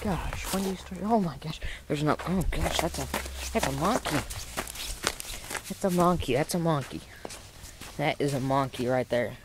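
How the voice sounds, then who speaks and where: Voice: mid-range voice, normal speed, pauses often, background noise. A vlogger rambling and joking in a goofy way while filming outdoors in snowy countryside on a handheld camera. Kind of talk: casual outdoor vlog.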